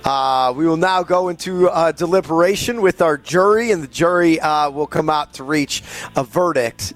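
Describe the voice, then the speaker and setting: A man's voice: a little high, normal speed, soft background music. A man hosting a sports radio bit as a mock judge, speaking in a stern mock-formal way that turns exasperated. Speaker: radio host playing judge.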